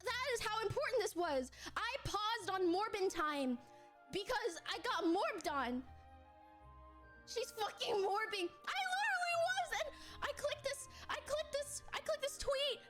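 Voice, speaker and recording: A woman's voice: very high-pitched, expressive, a little slow, over music. A woman streamer, flustered and nervous, gushing and repeating herself in a clip played on stream. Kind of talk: excited live stream chat.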